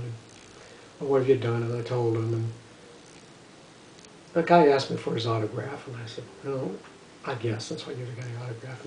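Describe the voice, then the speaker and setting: An older man telling a long casual story about his life as a musician, rambling and filling pauses with "you know" and "uh". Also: medium pitch, a little mellow, slight background noise. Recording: roomy echo, voice from a distance.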